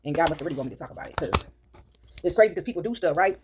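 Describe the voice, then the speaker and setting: A woman's voice: sits low, expressive, rapid-fire. A middle-aged woman vlogging casually while baking in her kitchen, chatting to viewers and asking "right?" often. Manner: chatty, addresses viewers as y'all, frequent tag questions. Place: home kitchen. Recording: loud background noise.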